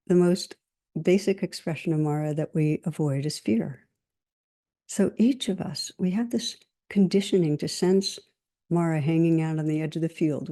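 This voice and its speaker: Low, mellow woman giving a dharma talk. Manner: gentle, reflective, with measured pauses. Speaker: meditation teacher.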